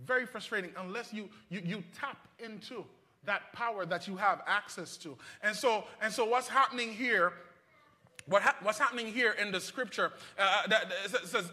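A man's voice: high voice, lively intonation, normal speed, pushed and bright. A man preaching a sermon to a congregation, repeating phrases and restarting lines, and leading call-and-response. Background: congregation answering.

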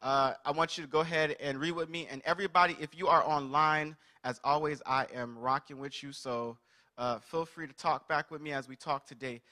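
Energetic bright-voiced male preacher. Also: a little high, brisk. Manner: energetic, calls out to the congregation. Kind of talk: interactive sermon.

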